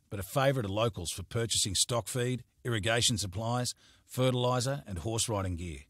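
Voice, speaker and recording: A man narrating a crime novel as an audiobook in a steady, measured storytelling manner, recorded on a close studio mic. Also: on the low side, husky, dry recording.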